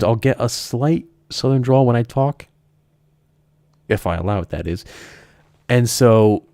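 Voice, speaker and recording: A man's voice: mid-range voice, mellow, dry recording, clean studio sound. A man chatting casually on a live stream, rambling and correcting himself as he goes, with frequent chuckles. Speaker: streamer, horror story reader.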